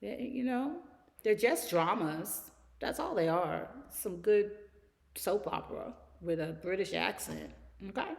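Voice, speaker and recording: A woman's voice: mid-range voice, animated, measured pace, gravelly. A woman hosting her own podcast, chatting casually in an easygoing, laugh-prone way and repeating phrases for emphasis. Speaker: podcast host. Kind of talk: casual solo podcast chat. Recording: long hall reverb.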